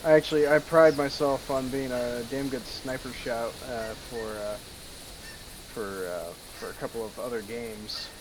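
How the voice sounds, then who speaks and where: A man joining a hunting game as a guest, talking in a relaxed, rambling way with lots of fillers. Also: mid-range voice, measured pace. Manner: relaxed, laughs easily, many fillers. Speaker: guest player. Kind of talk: casual gameplay chat. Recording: hissy mic with background noise.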